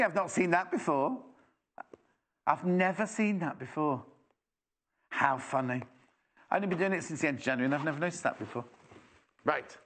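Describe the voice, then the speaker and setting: A man's voice: on the high side, a bit bright. A British man presenting live on a TV shopping channel, chatty and enthusiastic with rambling asides.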